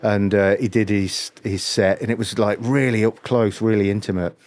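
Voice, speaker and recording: A middle-aged man with a low voice, co-hosting a casual podcast. He talks in a laid-back way, swears offhandedly and chimes in with brief agreement. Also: steady tone, normal speed, a little mellow, no room sound. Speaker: podcast co-host. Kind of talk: casual chat about guitarists.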